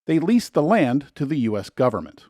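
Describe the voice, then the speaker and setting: A man's voice: medium pitch, very animated, brisk, darkish tone, no room sound, clean studio sound. A man narrating a scripted travel guide in an earnest, advisory voice-over. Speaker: travel video host.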